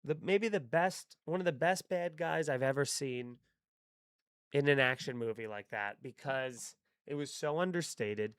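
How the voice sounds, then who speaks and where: A man hosting a live stream, chatting casually and excitably with his viewers and swearing freely. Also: medium pitch, unhurried, smooth, no echo, clean studio sound.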